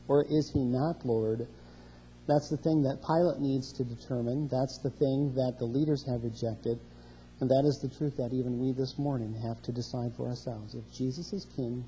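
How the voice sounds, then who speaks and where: A man's voice: mid-range voice, dark tone, big-room sound, a little hiss or hum, low-quality recording. A man preaching a sermon, walking through scripture verse by verse and rising in emphasis on key questions. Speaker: pastor.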